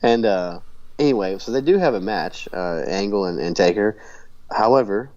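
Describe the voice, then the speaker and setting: Deep-voiced man rambling on a podcast. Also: expressive, moderate pace, darkish tone, dry recording, lo-fi sound. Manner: rambling with many fillers and restarts. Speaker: podcast co-host. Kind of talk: casual recap chat.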